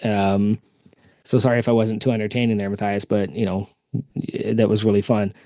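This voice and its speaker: A man's voice on the low side moves a little fast as he hosts a podcast and recounts a long story conversationally. Animated throughout, he acts out the people he quotes; there's no echo.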